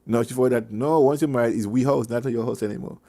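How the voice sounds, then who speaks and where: Male radio host, mid-pitched, rambling anecdotal advice, chuckles often, repeats himself. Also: fast talker, mellow. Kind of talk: casual advice talk. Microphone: online meeting call.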